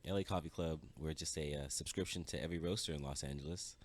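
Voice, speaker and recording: A man, a podcast guest, chatting casually while gaming, pausing often with filler sounds. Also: rumbling low. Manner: relaxed, hesitant with many ums.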